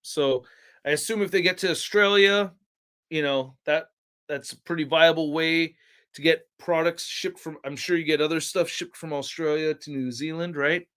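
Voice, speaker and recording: A man's voice: fairly high pitch, steady tone, normal speed, fairly bright tone, clear, resonant tone. A young man hosting a livestream, chatting casually in a laid-back, slangy way and telling stories to his chat. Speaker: livestream host.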